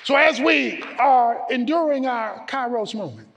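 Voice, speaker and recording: A man preaching a sermon as pastor, emphatic, swinging between loud declarations and low asides. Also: animated, measured pace, vocal fry, in a large hall, a crowd in the background, background noise.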